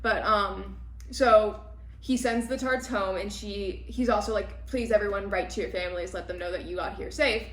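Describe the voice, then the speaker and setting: A woman co-hosting a casual book podcast, retelling the plot in long, animated run-on recaps. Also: medium pitch, normal speed, echoey room. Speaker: podcast co-host. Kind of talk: casual book club chat.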